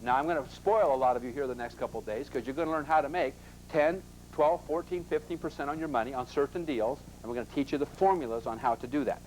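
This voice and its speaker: A man's voice: mid-range voice, fast, darkish tone, slight background noise, low-quality recording. A man teaching a live investment seminar in a classroom, emphatic and constantly asking the audience rhetorical questions.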